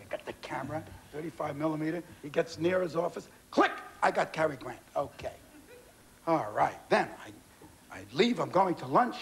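A man in his sixties, a guest comedian on a TV talk show, telling stories with animated delivery and put-on voices. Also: fairly high pitch, slight background noise. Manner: animated, shouting punchlines, mimicking voices. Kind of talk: comic storytelling on a talk show. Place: TV studio with audience.

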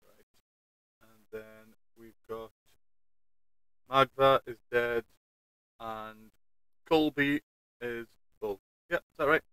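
A man's voice: medium pitch, slow, long pauses, pushed and bright, smooth, no room sound, poor audio. A man with a Northern English accent keeping score aloud in a casual chat among gamers, often trailing off. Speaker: stream host and scorekeeper.

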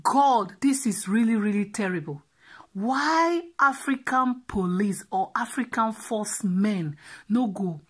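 Woman vlogger, husky and breathy, upset and repetitive news commentary. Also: medium pitch, lively intonation, slow.

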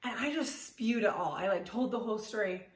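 A woman in her thirties giving a personal storytelling talk, candid and animated, with self-deprecating humor and casual fillers. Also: mid-range voice, a little fast. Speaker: motivational speaker. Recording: roomy echo, voice from far off the mic.

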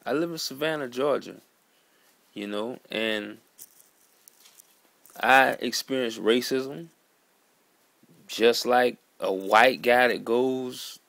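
A man in an earnest, halting vlog monologue, sitting at home at his computer. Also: medium pitch, gravelly, a bit bright, no echo. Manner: earnest, halting, repeats words and calls listener "man". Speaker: vlogger. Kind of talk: emotional monologue to camera.

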